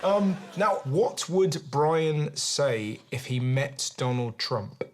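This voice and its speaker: A man's voice: fairly high pitch, lively intonation, slow, heavy background noise. A man hosting a talk show, reading viewer questions and reacting playfully to his guest. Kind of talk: interviewing a guest.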